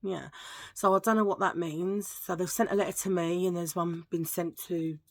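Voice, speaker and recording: A woman's voice: on the low side, fairly even intonation, moderate pace, dry recording. Chatty woman, close dry sound. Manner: chatty and playful, drops to a hushed aside. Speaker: vlogger. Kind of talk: casual chat to camera.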